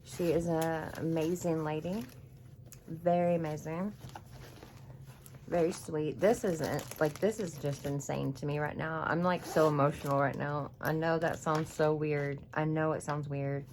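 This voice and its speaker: A woman's voice: deep voice, steady tone, a little slow, a little mellow, a little hiss or hum. Emotional gushing woman crafter. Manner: gushing, emotional, chatty, says y'all a lot. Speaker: craft YouTuber. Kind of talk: casual craft unboxing vlog. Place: home craft room.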